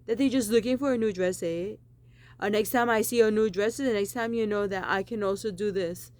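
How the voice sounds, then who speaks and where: A woman's voice: medium pitch, brisk, a little mellow, no echo. A woman giving a rambling, insistent monologue, repeating the same phrases emphatically. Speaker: vlogger.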